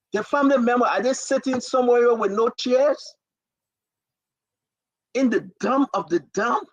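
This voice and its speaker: A man's voice: extremely high pitch, a little slow, long pauses, dry recording, poor audio. A man with a Liberian accent hosting a talk show, delivering fiery political commentary with repetitive, preacher-like emphasis.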